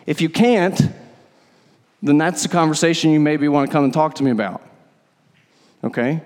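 Guy pastor preaching, kinda high voice, emphatic and chatty, big hall echo. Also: normal speed, a little mellow. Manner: conversational, emphatic, repeats words when stressing a point. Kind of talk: sermon. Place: church sanctuary. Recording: long hall reverb.

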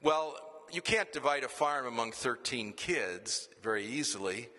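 Man preaching with bright tone in a hall. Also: medium pitch, unhurried. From Dakotas. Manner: animated storytelling, then a hushed earnest prayer. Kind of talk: storytelling sermon and prayer. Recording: hall reverb.

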